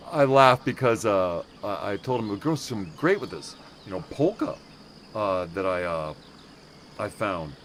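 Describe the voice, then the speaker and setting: This American streamer's voice runs low but fairly bright, with wide pitch swings and a measured pace. Hosting a relaxed game livestream, he rambles and interrupts himself with lots of fillers, cheerfully mispronouncing German words. There's slight noise in the background.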